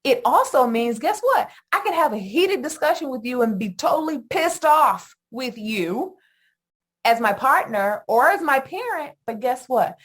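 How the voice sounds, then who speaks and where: A middle-aged woman hosting a solo podcast on attachment, talking in an animated, emphatic way with lots of rhetorical questions. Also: a little high. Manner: animated, emphatic, often asks "guess what" and "right?". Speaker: podcast host, attachment educator.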